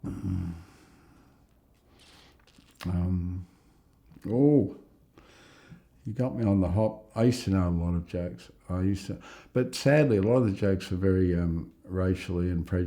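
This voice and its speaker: A middle-aged Australian man telling a rambling, lively story in a casual interview. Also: deep voice, unhurried, creaky, long pauses. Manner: rambling, animated, laughs at own story. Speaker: interviewee, psychiatric ward worker.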